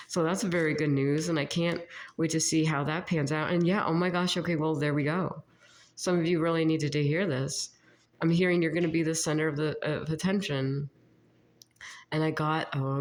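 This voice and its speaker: A psychic reader with a sick voice, giving a casual spiritual channeling session in a halting, meandering way with frequent giggles. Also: medium pitch.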